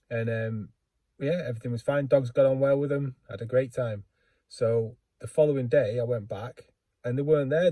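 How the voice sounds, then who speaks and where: A man tells a rambling, self-deprecating story to his vlog audience, stopping and restarting as he goes. His voice is mellow and a little husky. It sounds dry and close, with no room echo. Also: medium pitch. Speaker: book vlogger. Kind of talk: casual storytelling.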